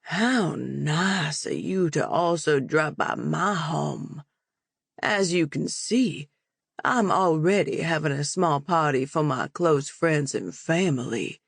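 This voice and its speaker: A woman's voice: sits low, slow, vocal fry, breathy edge, no room sound, studio quality, heavily acted. A woman voicing a sing-song gloating vampire lord. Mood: mocking. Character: sinister old male vampire lord, mocking. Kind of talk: audiobook character voice.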